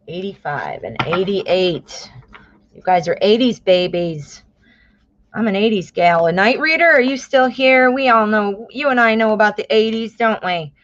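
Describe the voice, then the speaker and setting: A woman's voice: mid-range voice, muffled recording, a little hiss or hum. Chatty woman in her fifties reading tarot. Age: 50s. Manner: chatty, excitable, exclaims often. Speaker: tarot reader. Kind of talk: live-stream tarot reading.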